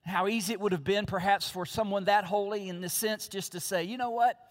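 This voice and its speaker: A man's voice: high voice, steady tone, fairly quick. A man preaching a sermon from the pulpit, emphatic and repeating his key phrases. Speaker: pastor. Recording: long reverb of a large hall.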